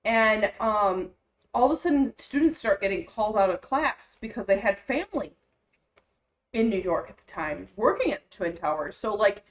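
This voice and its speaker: A woman's voice: medium pitch, animated, moderate pace, a little hiss or hum. A woman in her thirties co-hosting a podcast, telling a story in an easygoing, casual way. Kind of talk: casual chat.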